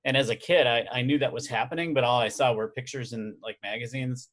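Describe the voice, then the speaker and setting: A man's voice: medium pitch, steady tone, a little fast, a bit bright. A man hosting a casual podcast chat, telling rambling stories with jokes. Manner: rambling, joking storyteller. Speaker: podcast host and editor.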